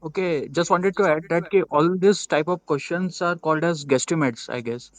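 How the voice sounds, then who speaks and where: A man's voice: fairly high pitch, dry recording. A man, hesitantly asking a question in an online session. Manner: hesitant, halting with fillers.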